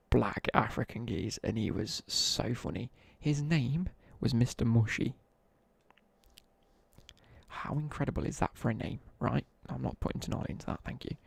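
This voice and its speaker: Gravelly young man with a Midlands accent. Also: medium pitch, unhurried, pauses often, dry recording. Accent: English Midlands. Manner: rambling slangy storytelling, chatting to viewers. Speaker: live streamer. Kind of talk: casual chat while gaming.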